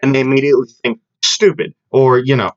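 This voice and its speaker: A young man co-hosting a podcast in casual chat, rambling and animated with lots of fillers and restarts. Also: medium pitch, fast talker. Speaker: podcast co-host. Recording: dull lo-fi podcast audio.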